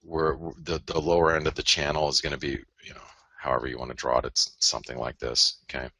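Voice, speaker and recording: A man's voice: a bass voice, little pitch movement, quick pace, bright, forceful tone, husky, no echo. A man hosting a live currency-market analysis broadcast, rambling, self-interrupting and joking as he goes through his charts. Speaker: host and currency trader.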